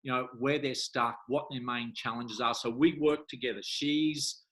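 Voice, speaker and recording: A middle-aged man, a hypnotherapist, talking as an interview guest and acting out little scenes with lively jumps in his voice. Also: moderate pace. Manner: animated storyteller, acts out voices with big pitch jumps. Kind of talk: conversational interview.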